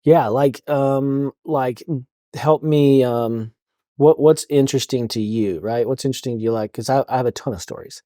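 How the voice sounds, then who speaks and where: A man who counsels police officers, talking casually in a podcast interview, halting, with many fillers and restarts. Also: medium pitch, dark tone, no echo, clean studio sound.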